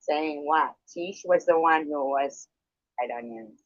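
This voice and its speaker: A man's voice: on the high side, slow pace, no echo. A man in a heated livestream argument, hostile, profane and accusing. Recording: dull lo-fi stream audio.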